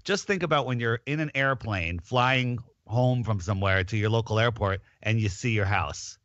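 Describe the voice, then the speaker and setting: Male guest, casual rambling storyteller; bright tone, dull lo-fi recording. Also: on the low side, normal speed, dry recording. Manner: rambling storyteller, many restarts. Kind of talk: casual chat.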